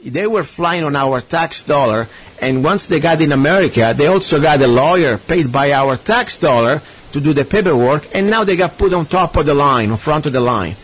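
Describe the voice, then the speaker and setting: A man with an Italian accent hosts a talk radio show. His voice is husky and sits a little high, and he rants and mocks in a loud, emphatic way. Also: expressive, moderate pace. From Italy. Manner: ranting, sarcastic, emphatic. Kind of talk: talk radio chat with a guest.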